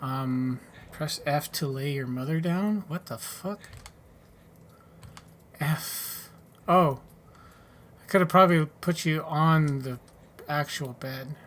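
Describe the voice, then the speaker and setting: A man's voice: on the high side, slow pace, a bit bright, slight background noise. A man casually commenting on his own video game play, wry and offhand, often muttering asides under his breath. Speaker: gaming YouTuber.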